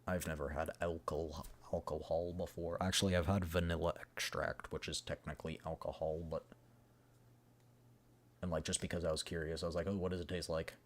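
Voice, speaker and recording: A man's voice: rumbling low, flat delivery, a little fast. A man commenting casually during a live stream, rambling and sarcastic, with lots of fillers.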